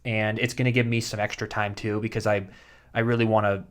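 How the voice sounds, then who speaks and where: A man's voice: lowish voice, flat delivery, brisk. A man in his thirties chatting casually as a podcast co-host, rambling with many fillers and restarts. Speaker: podcast co-host, soap actor. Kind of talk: casual chat.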